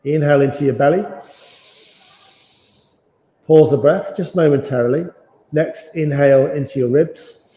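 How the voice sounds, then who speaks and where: A man leading a guided yoga class, giving calm, slow, soothing cues for movement and breathing. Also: on the high side. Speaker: yoga instructor. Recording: dull, roomy sound with long reverb.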